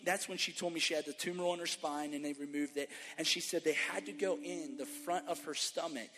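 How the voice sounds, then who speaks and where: A man's voice: fairly high pitch, a little fast, hardly any pauses, slight background noise. Emphatic male preacher in an echoing church. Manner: emphatic, storytelling, animated. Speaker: guest preacher. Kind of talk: sermon and testimony. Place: church sanctuary. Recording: long reverb of a church hall.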